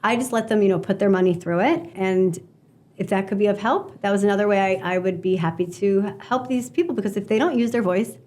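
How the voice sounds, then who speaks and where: Lively woman guest just talking away, earnest, lots of quick asides, middle voice. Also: medium pitch. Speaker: guest, media strategist. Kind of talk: conversational interview storytelling.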